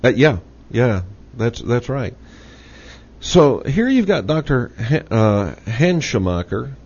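A man's voice: mid-range voice, sing-song, slow, a little mellow, breathy edge. A man with a Texas accent hosting a talk radio show, making his points in a folksy, emphatic way and repeating them. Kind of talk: casual talk radio discussion. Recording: dull lo-fi radio audio with faint hiss.

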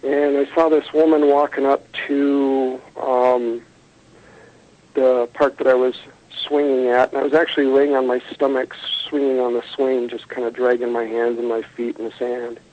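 A man talks through his memories at an ordinary pitch, earnest and rambling, stopping to restart his sentences. The sound comes through a dull, muffled line. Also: level tone, moderate pace, a little hiss or hum. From United States. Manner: earnest storytelling with fillers and self-corrections. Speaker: guest recounting encounters.

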